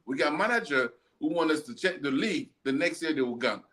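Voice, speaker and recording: A man's voice: fairly high pitch, lively intonation, brisk, a bit bright. A man hosting a casual football chat, ranting bluntly and repeating himself as he argues.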